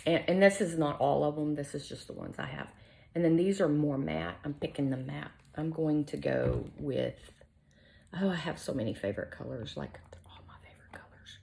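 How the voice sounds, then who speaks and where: A middle-aged beauty vlogger chats casually and self-deprecatingly through her makeup routine, sometimes dropping to a whisper. Her voice is low, creaky and darkish, with slight background noise.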